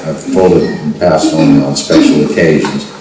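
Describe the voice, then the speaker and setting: An older man telling a personal story to a seminar group, halting and restarting often. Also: extremely low pitch, steady tone, over a noisy crowd. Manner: halting, with frequent restarts and fillers. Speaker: seminar speaker. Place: meeting room at a spiritual center. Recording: roomy archival recording from far off.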